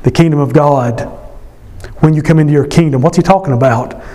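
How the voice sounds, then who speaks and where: A man preaching a sermon as pastor at a church service, impassioned, his voice climbing high when he stresses a point. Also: brisk, mellow.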